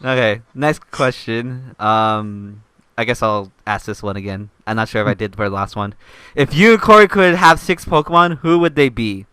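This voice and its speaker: A young man hosts a casual chat with a bright, clear voice that swings widely in pitch. He tells stories animatedly and laughs often, recorded close and dry. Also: expressive, normal speed, no room sound. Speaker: channel host.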